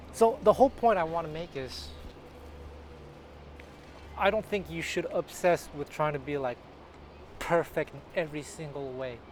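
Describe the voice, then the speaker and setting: A man with a slightly high voice talks to camera as a jazz guitar teacher, chatty and loose, often restarting his sentences and tossing in animated asides. He is recorded outdoors on a city street, and clear traffic noise runs under his voice. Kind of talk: casual talking-to-camera vlog.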